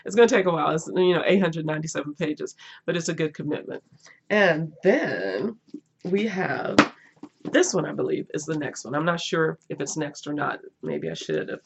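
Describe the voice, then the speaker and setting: A woman's voice: low-pitched, very animated, moderate pace, vocal fry, breathy edge. A middle-aged woman chatting casually as a book vlogger, gushing and laughing often. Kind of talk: casual chat.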